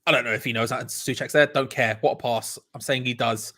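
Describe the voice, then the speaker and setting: Excitable man hosting a watch-along. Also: medium pitch, a little fast. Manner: excitable, laughs often, repeats himself. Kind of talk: live football watch-along chat.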